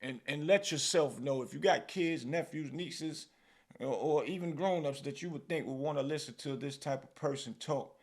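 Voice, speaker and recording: A man with a New York accent runs a podcast in an animated, casual way. His voice has a gravelly edge, and he keeps landing his points with "man.". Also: a little high, normal speed. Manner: animated, repeats "man" and "bro". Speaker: podcast host. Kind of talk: casual commentary.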